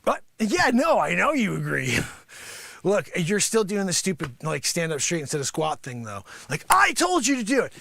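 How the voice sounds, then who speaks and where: A man playing a boastful, money-grubbing karate sensei who scolds his class and breaks into shouts. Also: high voice, huge pitch swings, normal speed, creaky, no echo, clean studio sound, full character voice. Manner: bragging, scolding, swings into shouts. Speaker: livestream host. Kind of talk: improvised comedy character bit.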